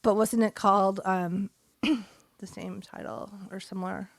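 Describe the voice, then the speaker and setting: A woman's voice: mid-range voice, steady tone, a little slow, vocal fry. A woman co-hosting a casual podcast, telling stories with frequent giggles and reading a short story aloud. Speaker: podcast co-host.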